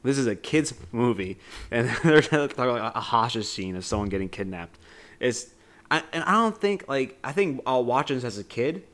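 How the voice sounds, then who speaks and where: A man's voice: medium pitch, very animated, moderate pace, a bit bright. A man co-hosting a podcast, casually retelling a film scene with lots of "like" and "you know". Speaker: podcast co-host. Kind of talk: casual movie discussion.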